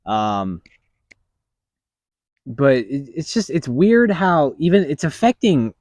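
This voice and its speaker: Young man, mid-pitched voice, casual podcast chat, rambling, easy laugh, dry close sound. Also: slow pace, no room sound. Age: young adult. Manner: relaxed, rambling, laughs easily. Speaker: podcast co-host.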